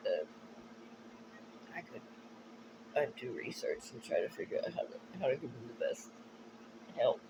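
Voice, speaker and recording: Emotional rambling woman, lively pitch. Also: highs cut off, background noise. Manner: halting and emotional, with many restarts. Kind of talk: rambling personal monologue.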